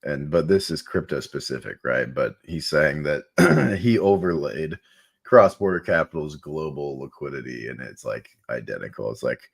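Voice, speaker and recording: A man's voice: a bass voice, normal speed, vocal fry, slightly rough. A laid-back man co-hosting a stream, walking through charts in a rambling way with many fillers. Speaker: co-host chart analyst. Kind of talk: casual chart talk.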